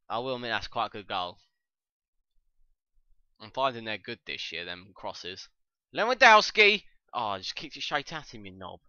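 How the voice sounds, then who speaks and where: A young man giving excitable, sweary commentary over his own gameplay, breaking into shouts. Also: fairly low pitch, no echo. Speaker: gaming channel host. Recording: dull lo-fi dry mic.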